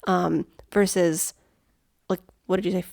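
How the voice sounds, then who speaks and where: Woman cohost, kinda low and gravelly, dry mic, just explaining stuff plainly. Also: flat delivery, a little slow, darkish tone, no echo. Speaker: podcast co-host. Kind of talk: casual chat.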